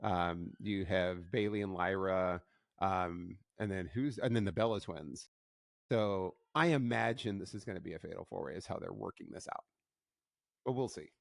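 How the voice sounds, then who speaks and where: A man's voice: deep voice, normal speed, vocal fry, dry recording, studio quality. A man co-hosting a casual podcast recap, talking animatedly and restarting his sentences. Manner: animated, mocking quoted voices, restarts often. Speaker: podcast co-host.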